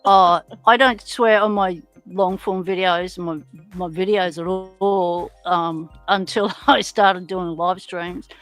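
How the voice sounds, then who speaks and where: A woman chatting casually on a livestream, laughing through her sentences and filling pauses with um. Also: fairly low pitch, fairly even intonation, a bit bright, no room sound, faint music behind. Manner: chatty, laughs mid-sentence, many ums. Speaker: livestream guest. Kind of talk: casual chat. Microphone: headphones and computer mic.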